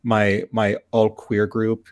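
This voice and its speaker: Rambling animated man at game table. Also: fairly low pitch, slow. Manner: rambling, animated, full of restarts. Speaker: tabletop player, content creator. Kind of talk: casual chat around a game.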